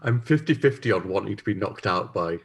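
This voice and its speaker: A man's voice: fairly low pitch, expressive, fairly quick, slightly rough. A man playing a tabletop game in a laid-back, laughing manner. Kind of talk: casual tabletop game play.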